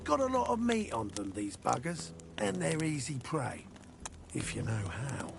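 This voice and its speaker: Gravelly cocky convict hunter. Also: male voice, mid-range voice, sing-song, unhurried. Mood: sly. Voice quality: gravelly, slangy. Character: rough cocky male convict hunter, sly. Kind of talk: video game dialogue. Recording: game music behind.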